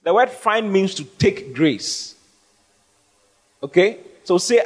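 A man's voice: high-pitched, animated, takes it slowly, long pauses, slightly rough. A man preaching as pastor, emphatic and call-and-response, often asking the congregation to answer. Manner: emphatic, rising to stressed phrases, asks the congregation questions. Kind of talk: sermon with audience questions.

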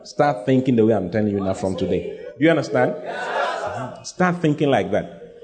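A man's voice: medium pitch, animated, normal speed, a crowd in the background. A man preaching a sermon, speaking emphatically, repeating his lines and having the congregation say them back. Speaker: pastor.

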